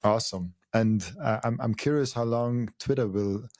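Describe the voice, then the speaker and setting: A man hosting a podcast, talking in a casual, halting way and often restarting his sentences. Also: mid-range voice, darkish tone, dry recording, studio quality. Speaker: podcast host. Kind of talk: casual interview chat.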